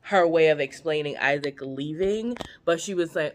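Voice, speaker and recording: A woman's voice: low-pitched, moderate pace, a little hiss or hum. A woman vlogger chatting casually as she retells a Bible story, slangy and full of offhand asides.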